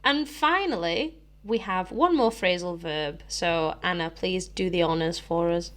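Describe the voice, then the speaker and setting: A woman's voice: on the low side, measured pace. British woman, English teacher co-hosting a learners' podcast; chatty, explanatory, easy laughs. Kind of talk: casual teaching chat.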